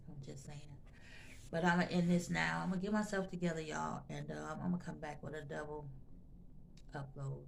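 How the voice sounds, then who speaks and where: Very gravelly woman telling a story. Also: sits low, level tone, a little fast, a little hiss or hum. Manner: chatty, addresses viewers directly, repeats phrases for emphasis; emotional, intense when recounting. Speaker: storytime vlogger. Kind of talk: casual storytelling to viewers.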